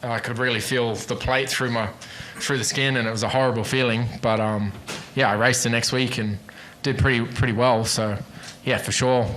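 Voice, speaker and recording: A race car driver speaks in a middle-pitched voice, calm and matter-of-fact. He answers casually with a few fillers. His tone stays easygoing throughout. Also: moderate pace, slight background noise.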